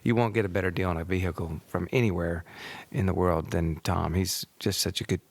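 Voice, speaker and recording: A man's voice: low voice, fairly even intonation, a little fast. A middle-aged man co-hosting a podcast, chatting casually in a rambling way, often restarting his sentences. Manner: chatty, rambling, self-correcting. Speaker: podcast co-host.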